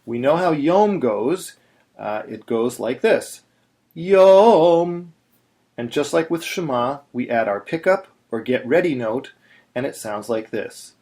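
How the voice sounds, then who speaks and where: A man's voice: mid-range voice, expressive, measured pace, darkish tone. A man teaching Torah chanting in a plain, patient voice, stopping to sing short chanted examples. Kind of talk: instructional video narration.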